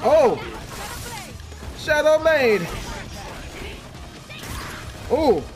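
A man giving casual, excitable commentary while playing a fighting game, gasping and laughing as he reacts. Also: high voice, takes it slowly, long pauses, over music. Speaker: let's player.

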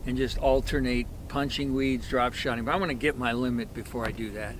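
Male fishing vlogger, unhurried, plain mid-range voice, action camera on a boat with water noise around him. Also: mid-range voice, steady tone. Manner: slow, easygoing, talks to the fish. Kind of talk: casual on-the-water narration. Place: on a boat on a river.

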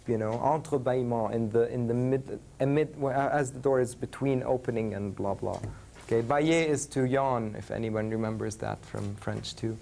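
Male language teacher running a class, mid pitch, some hiss. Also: creaky, warm tone. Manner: switches between English and French, checks in with students. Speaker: French teacher. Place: university classroom.

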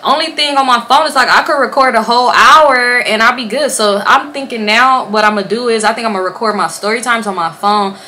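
Bright-voiced young woman telling a story. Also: fairly high pitch, a little fast, few pauses, a little hiss or hum. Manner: animated, swearing, acts out quotes. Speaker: vlogger. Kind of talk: casual storytime. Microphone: camera or phone on a stand.

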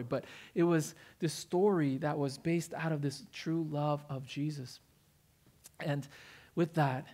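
Guy pastor preaching at church, kinda high voice with lots of fry, tells stories with punch. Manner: storytelling, animated with rising emphasis. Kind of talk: sermon. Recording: church service livestream.

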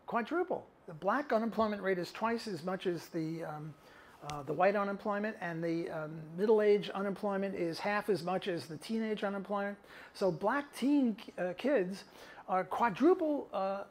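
A man's voice: sits high, darkish tone. An older man, an economist, emphatically answering audience questions at a talk, with chuckling asides. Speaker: economist and guest speaker. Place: event venue before a live audience.

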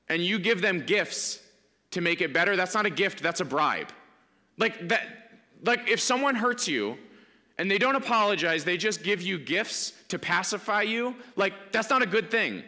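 A man preaching a sermon as pastor, talking in a casual, animated way with many fillers. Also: sits high, long reverb tail. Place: church sanctuary.

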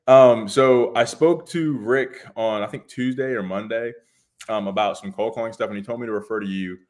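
Brief: young male caller, deep voice, polite and halting, lots of ums. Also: darkish tone. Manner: polite, hesitant, many ums. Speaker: caller asking for advice. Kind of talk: casual call-in question.

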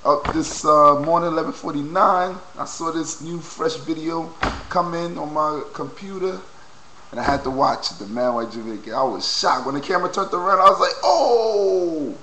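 A young man vlogging into a low-quality webcam, excitedly reacting and repeating exclamations. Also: moderate pace, very noisy. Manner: hyped, repetitive exclamations. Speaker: video blogger.

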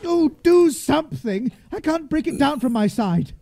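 A woman's voice: high voice, lively intonation, moderate pace, vocal fry, dark tone. An actress playing a frightened young woman locked in a room, pleading urgently.

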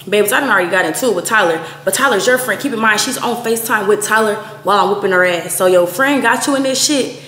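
A young woman in her twenties casually telling a profane story to camera, acting out quoted lines with big jumps in pitch. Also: a little fast, a bit bright. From Texas. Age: 20s. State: out of breath at times. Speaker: storytime vlogger. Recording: echoey room with faint noise.

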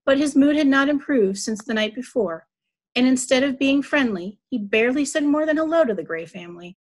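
A woman reading a children's story aloud at a church service, telling it evenly and clearly. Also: high-pitched, lively intonation, brisk.

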